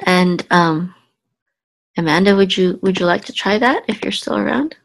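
A woman's voice: medium pitch, normal speed, gravelly. A woman teaching a Hebrew reading lesson, explaining patiently and coaxing her student along. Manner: patient, coaxing, many "mm-hmm"s. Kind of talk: live online lesson, explaining and correcting.

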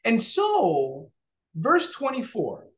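A man teaching a Bible study in an animated way. He keeps checking in with his listeners and acts out what people would say. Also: extremely high pitch, very slow. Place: online class, remote listeners.

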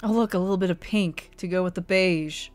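A woman's voice: on the low side, a little fast, faint music behind. A woman streamer giving live commentary on house listings, mock-outraged and exasperated. She swears, laughs often and fires off rhetorical questions. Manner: reacting aloud, asking rhetorical questions.

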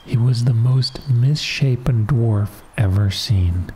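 A man calmly reading a fairy tale as a soft-spoken bedtime story. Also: medium pitch, takes it slowly.

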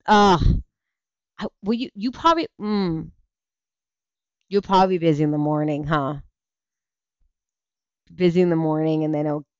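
Hosting a casual livestream, a worn-out parent of small children yawns and chats through viewer comments, rambling, restarting sentences often, and laughing readily. The mid-range voice has a clean tone, with lo-fi sound and no echo.

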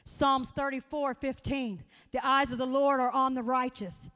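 A woman preaching in a church, her voice pitched high and carrying a long echo through the sanctuary. She talks in a folksy, earnest way, telling personal stories and turning to the congregation with direct appeals. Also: steady tone, measured pace, bright, forceful tone. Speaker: guest speaker at church. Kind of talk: sermon. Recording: long hall reverb.

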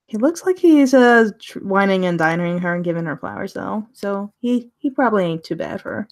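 Woman tarot reader, chatty live-stream deck review, laughs easily, warm enthusiasm. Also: medium pitch, expressive, moderate pace. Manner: chatty, laughs often, gushing over the cards.

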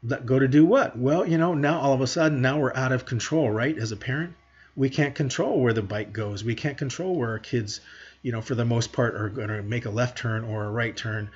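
A man's voice: medium pitch, a little fast, husky, highs cut off. A man teaching parents in a monologue, earnest and direct, asking rhetorical questions as he goes. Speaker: parenting educator.

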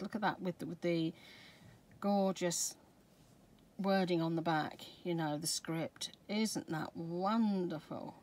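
A middle-aged Scottish woman chatting through an unboxing of craft supplies, gushing with excitement and dropping to soft whispers over favourite pieces. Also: lowish voice, slow, rough recording. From Scotland. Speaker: craft vlogger. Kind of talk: product unboxing chat. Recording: background noise with crinkling packaging.

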